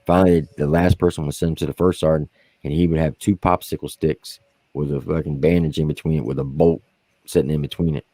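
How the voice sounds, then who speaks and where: A man and army veteran co-hosting a podcast, telling profane war stories in a casual, animated way and acting out what others said. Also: a little fast, no echo. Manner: animated, profane, acts out quotes in high voices. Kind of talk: casual storytelling among veterans.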